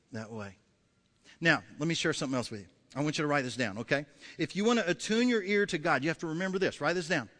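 A male pastor preaches with a high, bright, ringing voice. He is emphatic and repeats his key lines, slipping into acted voices. The sound rolls out with a long reverb, as in a large church hall. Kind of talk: sermon.

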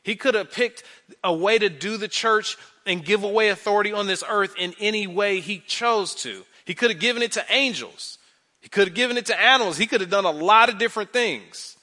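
Animated bright-voiced male pastor. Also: sits high, fairly quick. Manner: conversational, uses many fillers like "like"; animated, repeats phrases for emphasis. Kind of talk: sermon.

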